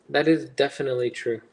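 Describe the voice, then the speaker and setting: A young man rambles through a casual build livestream, reading out viewers' chat and replying as he goes. His voice is medium in pitch, and the audio carries a little hiss or hum.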